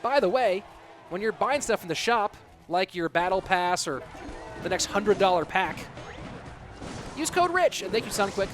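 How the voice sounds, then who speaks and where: A man's voice: sits high, moderate pace, soft background music. A man casting a competitive game on his live stream, chatty and jokey, answering his chat between plays. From United States. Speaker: esports caster and streamer.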